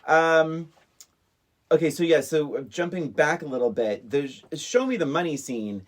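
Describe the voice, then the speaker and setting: A woman co-hosting a casual movie podcast, easygoing and hesitant, with lots of fillers and quick agreement. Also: sits low, lively intonation. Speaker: podcast co-host.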